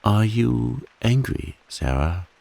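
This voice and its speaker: A man voicing a humble, devoted man earnestly and huskily pleading his love in a soft bedtime reading. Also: fairly low pitch, lively intonation, slow pace, gravelly, voice pushed up, exaggerated voice.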